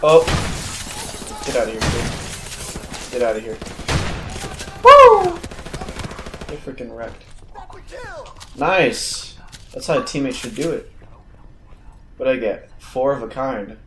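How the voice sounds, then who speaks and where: A man's voice: medium pitch, slow, pauses often. A man giving casual let's-play commentary while playing a shooter, jumpy and self-mocking, talking to himself and his viewers. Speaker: gamer playing through a shooter campaign. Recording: roomy sound with loud game gunfire behind. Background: game gunfire and battle noise.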